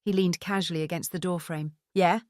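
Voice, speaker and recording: A woman narrates a book in a somewhat low, measured voice. The sound is dry and close, with no room around it. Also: dry recording. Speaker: audiobook narrator. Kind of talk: scripted narration.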